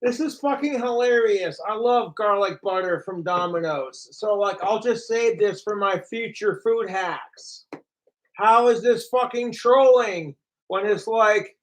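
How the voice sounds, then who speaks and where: Man, high-pitched voice, unhurried drawl, profane mocking rant, home live stream. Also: a bit bright. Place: home apartment.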